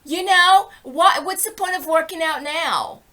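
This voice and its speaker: A woman's voice: very high-pitched, a little slow, pushed and bright. A middle-aged woman giving an impassioned, rambling personal monologue, indignant and often breaking off to ask "okay?". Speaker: vlogger.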